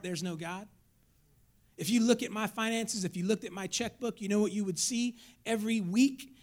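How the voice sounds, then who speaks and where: A man preaching as a pastor, swinging from hushed asides to shouted lines and talking familiarly with his congregation. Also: high-pitched. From Mexican heritage, raised in the US. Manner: folksy, conversational with the congregation. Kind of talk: sermon.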